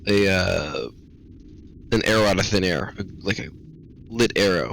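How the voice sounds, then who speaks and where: Bright lowish guy hamming it up as his character in a tabletop game. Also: animated, measured pace, creaky, pauses often, a little hiss or hum, low-quality recording. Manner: playful, dramatic, describes his character's actions. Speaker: player. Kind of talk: casual tabletop play.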